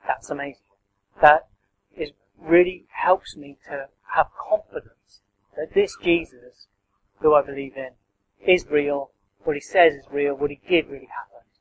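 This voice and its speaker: A man with a high voice preaches in a relaxed, conversational way and keeps turning questions to his listeners. The sound is dull and lo-fi. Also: moderate pace. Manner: conversational, quizzing the congregation. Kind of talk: interactive sermon.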